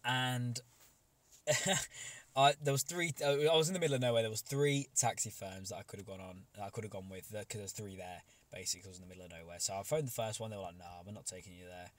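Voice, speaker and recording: A man's voice: on the low side, quick pace, dry recording. A young man, co-hosting a podcast and telling a long, rambling story with casual swearing. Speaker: podcast co-host.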